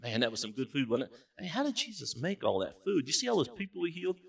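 Man putting on rattled fishermen in a storm, chatty then yelling, swinging pitch, heard from afar. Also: wildly swooping pitch, fast, creaky, breathy edge, exaggerated voice. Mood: relaxed chatter. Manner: chatty, then frantic and shouting. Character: jittery fishermen disciples, adult men, easily rattled. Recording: voice from a distance.

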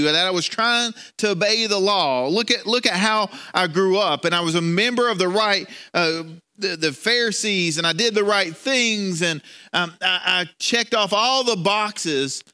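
A man's voice: high-pitched, unhurried, sharp tone, smooth. A man preaching a sermon in a conversational way, often repeating words and restarting as he tells a story. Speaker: pastor.

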